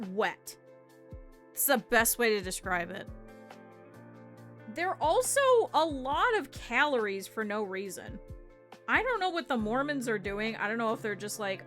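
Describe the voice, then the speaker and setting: A woman's voice: a little high, big pitch swings, unhurried, a bit bright, soft background music. A woman streamer chatting casually with her viewers while she sews, with laughing asides. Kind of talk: casual livestream chat while sewing.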